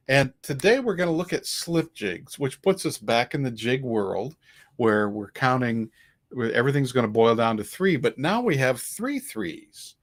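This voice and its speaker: A man hosting a casual live-stream dulcimer lesson, chatty and relaxed, counting beats and chanting rhythm syllables aloud. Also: medium pitch. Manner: relaxed, chatty, with small restarts. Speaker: dulcimer teacher and host.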